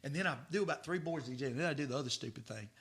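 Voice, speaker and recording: A middle-aged man, a podcast guest telling stories in a lively way, repeating words as he goes. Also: mid-range voice, rapid-fire, creaky. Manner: animated, stammering repeats, acts out dialogue. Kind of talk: casual storytelling.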